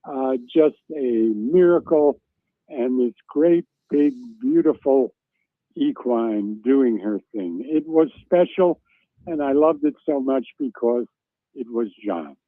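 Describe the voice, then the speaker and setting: A man, a former racing reporter, telling a lively story as a guest on a talk show and acting out the shouts he remembers. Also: mid-range voice, slow, no echo. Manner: animated anecdotal storytelling, acts out shouts. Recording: dry tinny phone line.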